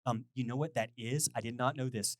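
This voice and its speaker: A man's voice: medium pitch, fairly quick, no echo, studio quality. A man preaching a sermon as pastor in a loose, chatty way, full of jokes and questions to the congregation. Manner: animated, jokey, asks the crowd questions, sings bits. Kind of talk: conversational sermon.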